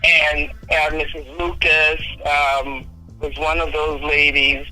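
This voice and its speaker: Earnest woman in her fifties, bright voice. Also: low voice, level tone, soft background music, low-quality recording. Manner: earnest, unhurried storytelling. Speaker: guest. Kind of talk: telling a personal life story.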